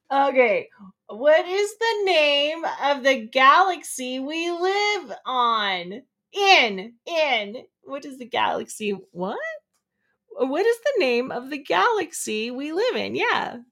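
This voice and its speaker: A woman's voice: high-pitched, sing-song, takes it slowly, bright, forceful tone. A woman hosting a casual live stream, reading trivia questions aloud to her viewers, chatty and often giggling.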